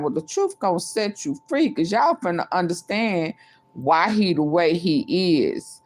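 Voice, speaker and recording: A woman's voice: on the low side, very animated, a little slow. A woman vlogger chatting to her live viewers in a casual, repetitive way. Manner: chatty, repeats herself, talks to viewers. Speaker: livestream vlogger. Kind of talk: casual live-stream commentary.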